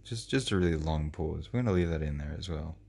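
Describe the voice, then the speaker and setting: Gravelly deep-voiced man, dry jokes. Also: quick pace, darkish tone. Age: 30s. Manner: dry, joking, banters over his co-host. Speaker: podcast co-host. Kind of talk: casual podcast chat.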